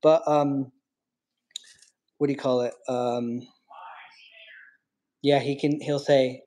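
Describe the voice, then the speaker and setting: Low-voiced woman chatting on a pet livestream. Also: fairly even intonation, takes it slowly, long pauses, warm tone. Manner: chatty, reads viewer comments, coos baby talk to her bird. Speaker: livestream host with pet bird. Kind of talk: casual livestream chat.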